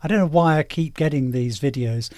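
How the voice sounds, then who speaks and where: A man's voice: a little high, a little fast, a little mellow, no room sound, clean studio sound. A man hosting a reaction video, talking in a mocking, rambling way with lots of fillers. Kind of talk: casual sarcastic commentary.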